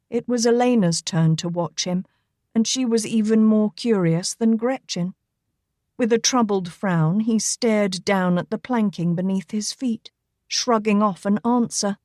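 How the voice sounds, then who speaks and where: A woman narrating a romance novel in a steady, even storytelling read. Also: mid-range voice, unhurried, dry recording, studio quality. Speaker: audiobook narrator.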